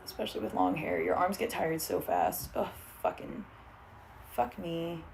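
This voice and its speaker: A woman's voice: fairly low pitch, normal speed, vocal fry, darkish tone, slight background noise. A young woman in casual livestream chat at home, swearing freely and reading out viewer comments while braiding her hair. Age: young adult. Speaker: streamer. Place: living room at home.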